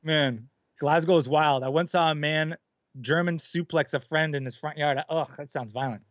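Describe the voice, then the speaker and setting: A high-pitched man co-hosting a live stream, telling stories in a loose, laid-back way with some swearing and laughter. His voice sounds a little dull and lo-fi, and it is dry and close, with no room sound. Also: moderate pace, dry recording. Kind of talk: casual storytelling chat.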